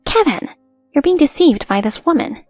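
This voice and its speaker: A woman voicing a proud, sharp-tongued middle-aged mother-in-law who looks down on others. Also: high-pitched, expressive, moderate pace, no echo, voice pushed up. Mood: scornful. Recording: dry with soft music behind.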